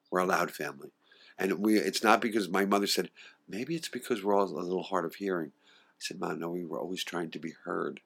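Middle-aged guy rattling off family stories fast, kinda low voice. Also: creaky. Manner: fast, animated talker. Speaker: interview guest. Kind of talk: casual storytelling interview.

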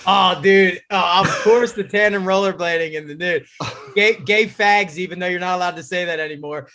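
A man's voice: high voice, moderate pace. A man guest telling a story in casual chat, swearing freely and laughing between words. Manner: animated, swearing, laughing mid-sentence.

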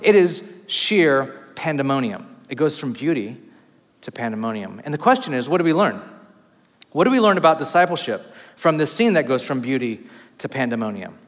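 A man in his thirties preaching a conversational sermon, an animated, self-deprecating storyteller with casual fillers. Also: medium pitch, moderate pace. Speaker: pastor. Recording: long reverb of a large hall.

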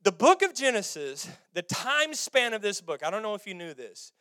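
A male pastor preaching a sermon in church, animated, swinging from quiet to loud and calling on the congregation to respond. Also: sits high, moderate pace, clear, resonant tone, no echo, clean studio sound.

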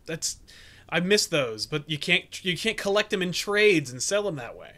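A man co-hosting a casual chat about comics and movies over a remote call, animated and ranting, swearing freely. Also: high-pitched, moderate pace. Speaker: podcast co-host.

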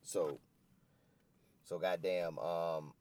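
Deep-voiced man recapping with profane banter. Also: steady tone, very slow, a little mellow. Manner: loose and profane, acts out quotes in character voices. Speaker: co-host recapping wrestling. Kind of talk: casual podcast chat.

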